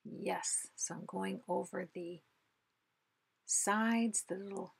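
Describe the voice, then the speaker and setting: A woman hosting a card-making tutorial, chatting casually as she works and often dropping into a soft half-whisper. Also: mid-range voice, fairly even intonation, takes it slowly, no room sound. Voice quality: husky, creaky voice. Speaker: craft video host. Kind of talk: casual craft tutorial narration.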